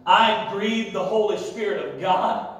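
A man preaching a sermon as pastor, with a Midwestern American accent, shouting in bursts and drawing amens back from the congregation. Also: high voice, a little slow. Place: large church sanctuary. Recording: echoey hall, heard from far off. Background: congregation calling amen.

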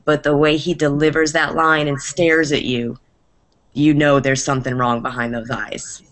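A woman's voice: sits low, level tone, moderate pace, a bit bright. A woman from New England, a drama teacher, giving thoughtful feedback on a video call with frequent ums. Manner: thoughtful, hesitant with many ums. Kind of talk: casual video call discussion.

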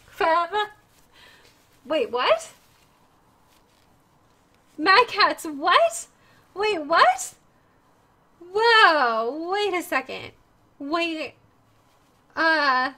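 A woman's voice: very high-pitched, sing-song, drawn-out words, pauses often, pushed and bright. A woman streamer, tearful and crying, gushing and apologetic as she thanks viewers during a live stream.

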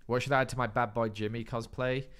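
A man's voice: mid-range voice, little pitch movement, fast talker, a bit bright. A man chatting casually on a livestream, rambling and self-deprecating and tripping over his words. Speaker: streamer host. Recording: faint background noise.

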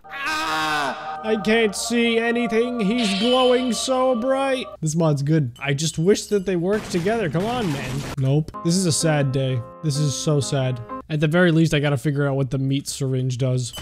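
A young man giving jokey, excited commentary on a sandbox game, crying out at the action. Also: a little high, moderate pace, few pauses, over music. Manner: animated, jokey, cries out at on-screen action. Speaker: gaming YouTuber.

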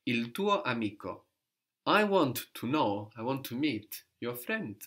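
A man's voice: mid-range voice, big pitch swings, takes it slowly, a bit bright. Patient male language teacher. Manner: patient, prompting questions, repeats answers. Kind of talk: guided language lesson.

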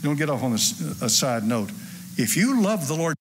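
A man, preaching a sermon to a church congregation in a folksy, animated way with asides to the crowd. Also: mid-range voice, moderate pace, slightly rough. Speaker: pastor. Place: church sanctuary.

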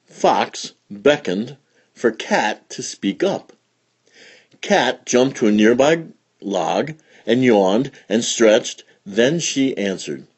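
Husky, slow, very animated male read-aloud storyteller. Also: mid-range voice. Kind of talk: expressive children's story reading.

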